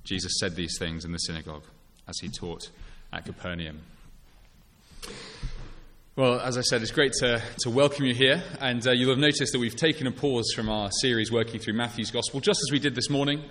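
A man preaching a sermon to his congregation. He speaks in a measured, conversational way, with frequent fillers and small restarts. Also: medium pitch, fairly even intonation, fairly bright tone, a little hiss or hum. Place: church. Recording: long church reverb.

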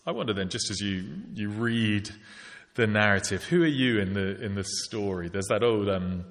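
A man's voice: fairly low pitch, lively intonation, moderate pace, a bit bright. Man preaching in a reverberant hall. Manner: reflective, asks rhetorical questions. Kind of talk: sermon.

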